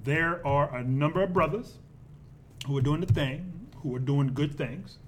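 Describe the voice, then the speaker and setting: Hesitant man with a slightly high voice. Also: unhurried, a little hiss or hum. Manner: hesitant, with filler ums. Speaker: podcast co-host. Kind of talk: casual chat.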